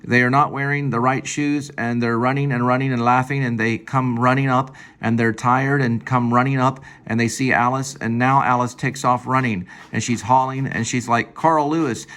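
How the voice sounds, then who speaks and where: A man casually reading his own screenplay aloud at home, halting and stopping to fix lines. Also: mid-range voice, fairly bright tone. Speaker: screenplay reader. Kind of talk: casual screenplay read-through.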